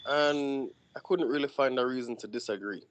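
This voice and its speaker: A man's voice: mid-range voice, moderate pace, slight background noise. A man co-hosting a casual podcast discussion, earnestly laying out an argument. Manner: earnest, making a point. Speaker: podcast co-host.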